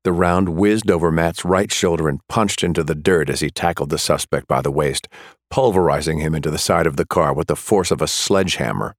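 A man narrating a thriller audiobook in a measured, steady way. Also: extremely low pitch, dry recording, clean studio sound.

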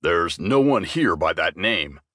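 A man voicing a massive, jumpy male troll bartender in an audiobook, talking slow and grumbling. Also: low voice, very animated, pushed and bright, dry recording, clean studio sound, pitched below the performer's own voice, heavily acted. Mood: gruff.

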